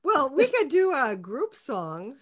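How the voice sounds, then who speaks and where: A woman's voice: high-pitched, huge pitch swings, slow, over a noisy crowd. A woman in casual, friendly chat on a video call.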